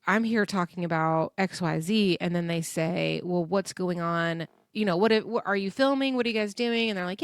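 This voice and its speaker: A woman hosting a casual recap podcast, chatty and animated, often laughing and acting out quotes in other voices. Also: on the low side, normal speed, hardly any pauses, dry recording. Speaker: podcast host recapping a reality show. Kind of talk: casual chat.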